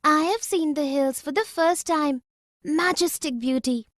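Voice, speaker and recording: A woman's voice: high voice, unhurried, dry recording, clean studio sound. A woman voicing an eager young girl who exclaims and chats in a lesson dialogue. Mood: excited. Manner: exclaiming, excitable.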